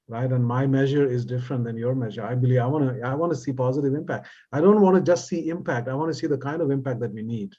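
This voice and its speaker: Man, professor, animated storytelling, laughs through anecdotes, muffled lo-fi sound. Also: mid-range voice, quick pace, few pauses. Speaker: business professor. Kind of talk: panel discussion storytelling. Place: video call. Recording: dull lo-fi audio.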